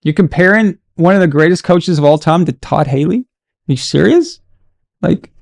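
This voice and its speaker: A man hosting a casual sports live stream, animated and exasperated as he chats with viewers. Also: fairly high pitch, moderate pace, gravelly, dry recording, clean studio sound.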